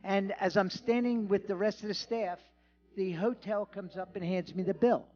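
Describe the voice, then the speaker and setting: A man's voice: sits high, fairly even intonation, normal speed, darkish tone, muffled recording, soft background music. A man giving a humorous award acceptance speech at a banquet, telling a self-deprecating story with jokes. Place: banquet hall.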